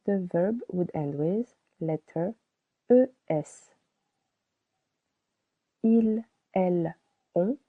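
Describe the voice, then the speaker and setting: A woman giving a scripted language lesson, speaking slowly and deliberately and repeating each word for learners to copy. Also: on the low side, dry recording. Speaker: French teacher. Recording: dry, tinny phone-like sound.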